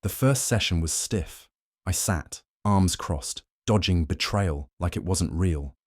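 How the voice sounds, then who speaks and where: Male narrator, very low voice, dry sound, cold and measured first-person story. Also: a little mellow, dry recording.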